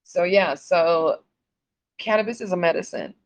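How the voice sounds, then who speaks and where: A woman's voice: fairly low pitch, measured pace. Blunt, profane woman telling a story. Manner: profane, blunt, laughing often. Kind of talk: casual storytelling. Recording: dull lo-fi recording.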